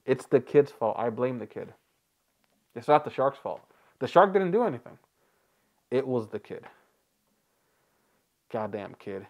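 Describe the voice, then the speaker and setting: A man's voice: mid-range voice, darkish tone. Rambling, joking male reaction host. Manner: rambling, joking, laughing between lines. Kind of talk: casual reaction commentary.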